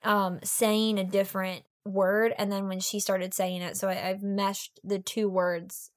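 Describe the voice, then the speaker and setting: A woman co-hosting a casual book discussion, chatty and quick, filling her talk with "like" and "yeah". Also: medium pitch, little pitch movement, no room sound, clean studio sound.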